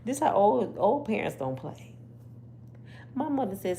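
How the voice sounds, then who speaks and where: Woman ranting on her channel, loud profane storytelling, voice swings all over. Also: mid-range voice, big pitch swings, unhurried, vocal fry, slight background noise. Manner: brash, profane, laughs often. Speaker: commentary host. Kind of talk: animated storytelling commentary.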